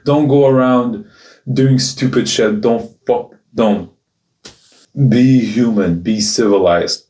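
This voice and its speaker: A man's voice: lowish voice, dark tone. Raw, swearing man in an echoey room. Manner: raw, emotional, swears often, halting restarts. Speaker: video journal host. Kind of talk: confessional video diary. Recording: roomy echo, mic at a distance.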